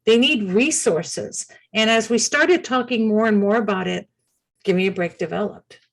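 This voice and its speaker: A woman's voice: medium pitch, normal speed, vocal fry, low-quality recording. A woman who founded a caregiver support group, telling a personal story on a talk show in an earnest, heartfelt, rambling way.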